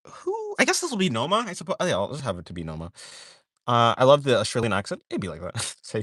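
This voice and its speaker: Rambling man with a lively voice. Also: medium pitch, fast, breathy edge, no echo, studio quality. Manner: rambling, full of "like" fillers and self-corrections; reads viewer questions aloud and answers them. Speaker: art streamer chatting with viewers. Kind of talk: casual livestream chat.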